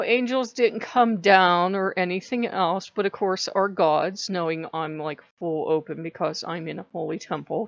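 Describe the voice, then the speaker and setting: A woman vlogging from home in casual chat, animated and prone to laughing as she tells a story. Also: mid-range voice, no room sound, lo-fi sound.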